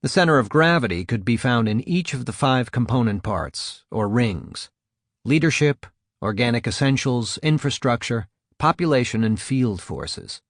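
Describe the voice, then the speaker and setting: A man narrating a nonfiction audiobook in a measured, even reading style. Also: medium pitch, no room sound, clean studio sound.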